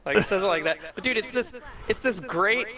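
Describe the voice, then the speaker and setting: A young man co-hosting a podcast, talking in excited, profane run-on bursts full of "like" and restarts. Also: sits high, a little fast, poor audio. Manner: animated, profane, talks in run-on bursts with lots of "like". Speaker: podcast co-host. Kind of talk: casual chat.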